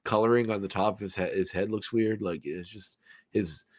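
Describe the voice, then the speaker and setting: A man's voice: fairly low pitch, fairly even intonation, normal speed, a little mellow, no room sound, clean studio sound. Rambling man hosting a podcast. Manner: rambling, many fillers and restarts, laughs often. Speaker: podcast host. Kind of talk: casual chat recapping a cartoon episode.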